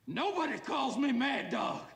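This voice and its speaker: A man's voice: extremely high pitch, very animated, a little slow, fairly bright tone, slight background noise, heavily acted. An actor playing a menacing, hot-tempered male outlaw gunman who snarls insults.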